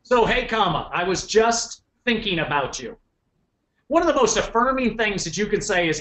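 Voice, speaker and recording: A middle-aged man giving a motivational business talk to an audience, animated, often repeating words and checking in with the room. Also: sits high, moderate pace. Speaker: keynote speaker.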